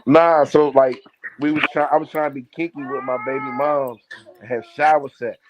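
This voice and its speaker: A man's voice: mid-range voice, fairly even intonation, normal speed, lo-fi sound, background noise. A man in casual podcast banter, blunt and joking, defending his own odd logic. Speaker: podcast co-host. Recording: busy chatter in the background.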